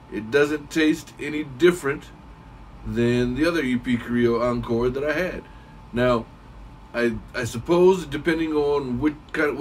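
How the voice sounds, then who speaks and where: Man, cigar reviewer, rambling casual how-to, mid pitch, a bit far from the mic, faint background hiss. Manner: chatty, rambling, clears throat often.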